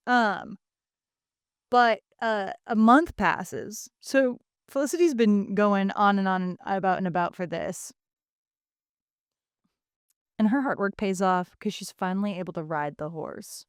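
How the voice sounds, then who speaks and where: A woman's voice: medium pitch, clean tone, dry recording, clean studio sound. A woman co-hosting a podcast, recapping a book in casual chat and acting out characters' lines as she goes. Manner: animated storytelling, acting out characters in quick asides. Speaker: podcast co-host.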